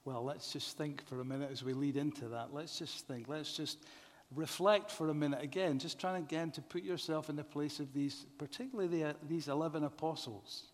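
A man preaching a sermon in a measured way, often asking the congregation rhetorical questions. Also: fairly high pitch, steady tone. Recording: long reverb of a large hall.

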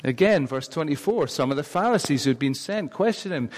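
A man preaching, his voice pitched a little above the usual for a man. He talks conversationally and keeps asking the congregation questions. The sound rings out with a long reverb, as in a large church hall. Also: expressive, brisk, few pauses. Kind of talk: sermon.

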